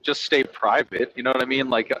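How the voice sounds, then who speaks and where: A man hosting a casual podcast chat, talking in an animated, rambling, profane way. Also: medium pitch, brisk, a little hiss or hum, rough recording. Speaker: host.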